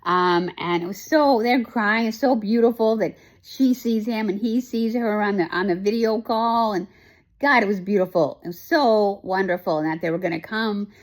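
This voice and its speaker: A woman's voice: medium pitch, moderate pace. Rambling, emotional woman recapping a show. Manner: emotional, rambling, many fillers and restarts. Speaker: host. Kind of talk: casual chat, recapping a TV show.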